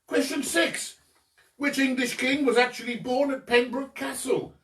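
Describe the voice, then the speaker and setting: Hosting a home quiz, a man reads each question and supplies the answer himself, adding jokey asides. His voice is extremely high, a bit bright, unhurried and fairly even in intonation, picked up by a distant mic in an echoey room.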